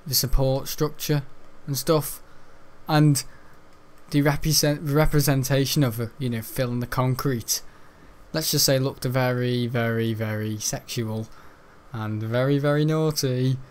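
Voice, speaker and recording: A man's voice: medium pitch, steady tone, measured pace. Young man, gaming streamer, rambling anecdote, frequent laughter, repeated words. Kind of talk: rambling storytelling while gaming.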